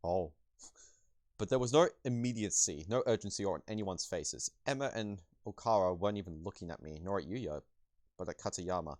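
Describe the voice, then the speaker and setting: A man's voice: deep voice, moderate pace, darkish tone, no room sound. A man hosting a let's play, reading game text aloud with jokey asides.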